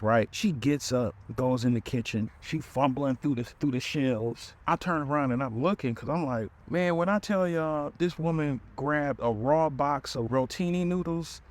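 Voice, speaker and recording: A male podcast host telling a comedic dating story in an animated way, talking right to his listeners. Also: mid-range voice, measured pace, few pauses.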